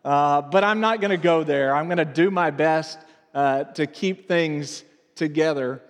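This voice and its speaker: A man in his thirties, a pastor speaking to his congregation in a halting, emotional way, with many restarts and fillers. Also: on the high side. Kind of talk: sermon. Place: church sanctuary. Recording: long reverb of a church hall.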